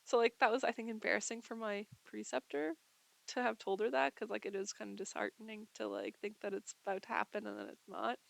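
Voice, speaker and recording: A woman's voice: mid-range voice, fairly even intonation, brisk, vocal fry. A woman telling a story casually at home, chatty and full of filler words, her lungs tired from being sick. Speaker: vlogger.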